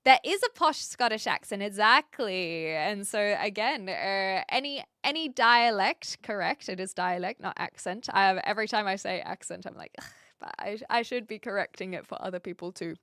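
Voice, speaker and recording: A woman hosting a livestream from home, talking to her viewers in a loose, rambling way with fillers and laughs. Her voice is bright and crisp, and the sound is close and dry. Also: mid-range voice, expressive, moderate pace, no room sound. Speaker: livestream host. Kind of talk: casual chat with viewers.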